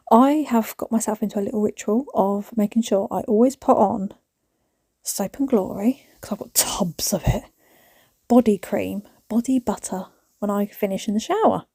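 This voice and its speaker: Husky and dark in tone, this mid-range female voice comes from a British vlogger in her thirties chatting to a phone camera while doing housework indoors. She rambles through her decluttering and often whispers. No room sound is audible in the clean, studio-like recording.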